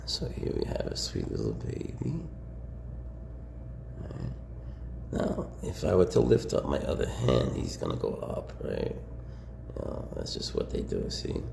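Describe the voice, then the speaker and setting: A man who keeps snakes, chatting casually to camera and cooing baby talk to a snake, often dropping into a whisper, then giving relaxed handling advice. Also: extremely low pitch, measured pace, creaky, pauses often, reverberant, noisy background. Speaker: snake keeper.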